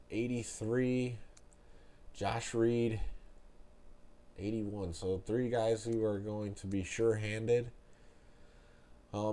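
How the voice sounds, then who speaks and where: A streamer with a stuffed-up nose reviews a retro game live, speaking slowly in a medium-pitched, dark voice. He's laid-back and chatty, restarting as he reads out the stats.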